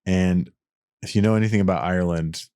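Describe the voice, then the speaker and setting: A man's voice: low-pitched, steady tone, brisk, a little mellow, clean tone, dry recording, clean studio sound. A man hosting a podcast, talking through ideas alone in an earnest, explanatory way and often restarting his sentences. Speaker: podcast host. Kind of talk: reflective solo podcast talk.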